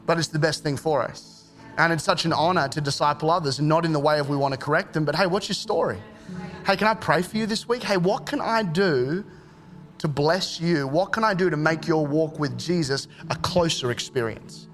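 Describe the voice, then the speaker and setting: A man, preaching a sermon in a relaxed, joking way and acting out short quoted exchanges. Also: on the high side, faint music behind. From Australia. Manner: conversational and jokey, acts out quick quoted exchanges. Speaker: pastor.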